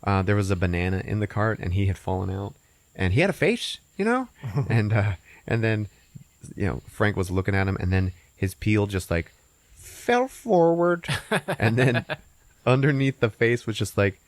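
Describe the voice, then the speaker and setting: Male podcast host, fairly low voice, very animated delivery; casual, crude movie recap with squeaky character bits, dry close mic. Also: moderate pace, no echo. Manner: retells scenes with squeaky put-on character voices; profane, laughing, animated storytelling.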